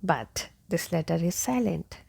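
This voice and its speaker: A woman leads a pronunciation lesson at an unhurried, deliberate pace. Her voice has a gravelly, fried edge. She says each word over and over and keeps checking with 'okay?'. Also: fairly low pitch, expressive, dark tone. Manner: repeats each word several times, asks 'okay?'. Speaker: English pronunciation teacher.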